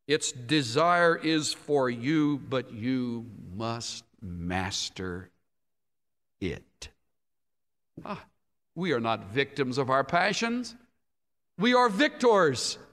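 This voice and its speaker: A man delivers a sermon at an unhurried, deliberate pace, his fairly high voice rising and falling with lively emphasis. He drops to a near hush for effect. The sound carries a long reverb from a large hall. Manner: dramatic, emphatic preaching with sudden drops to a hush. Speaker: preacher.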